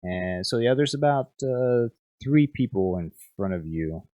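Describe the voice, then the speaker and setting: A man's voice: medium pitch, expressive, unhurried, mellow, dry recording, muffled recording. A young man narrating as game master, rambling with lots of fillers and repeated words.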